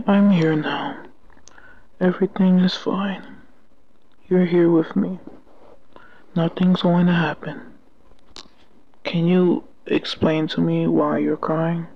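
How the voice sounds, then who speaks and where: A woman voicing a gentle, caring young man who comforts the listener in a whispered role-play, speaking softly and soothingly. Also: lowish voice, animated, takes it slowly, pauses often, highs cut off, pitched below the performer's own voice. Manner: soft, soothing, hushed.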